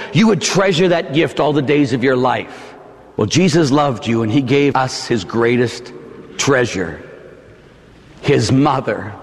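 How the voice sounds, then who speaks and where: A male preacher giving a fiery sermon in a church, shouting emphatic lines with dramatic pauses. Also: on the high side, gravelly. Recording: long hall reverb.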